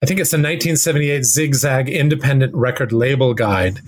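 A man telling a long music anecdote in casual chat, acting out quotes with lively restarts. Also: medium pitch, a little fast. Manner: animated, acts out quotes with rambling restarts. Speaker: guest music expert. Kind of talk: casual storytelling.

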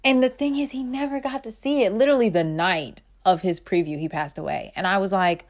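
A young woman of about twenty talks through her thoughts in a personal monologue, earnest and unpolished. She circles back on her words with lots of fillers and restarts, and her voice lifts up bright and then drops low and soft as feelings catch her. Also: brisk. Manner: emotional, swings between bright and hushed.

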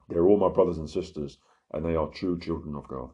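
A man with a very low, dark, mellow voice preaches in an earnest, emphatic way. He keeps checking in with the listener as he talks. The recording sounds dull and lo-fi. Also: moderate pace. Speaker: lay preacher giving testimony. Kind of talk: informal preaching.

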